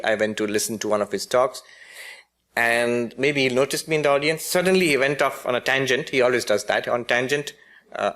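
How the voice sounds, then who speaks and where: A man's voice: mid-range voice, fairly bright tone. A man, a spiritual teacher, giving a philosophy lecture with humorous storytelling and frequent self-corrections.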